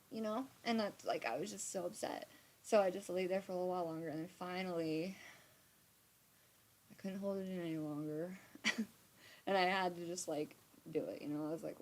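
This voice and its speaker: A woman's voice: lowish voice, a little fast, a little hiss or hum. A young adult woman telling a story casually on a live stream, acting out quotes and swearing freely. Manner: animated, swearing, acts out quotes. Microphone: streaming from a computer.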